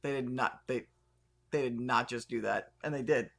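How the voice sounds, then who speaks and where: A man co-hosting a podcast in casual chat, talking fast and acting out quotes in an animated way. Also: medium pitch, vocal fry. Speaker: podcast co-host.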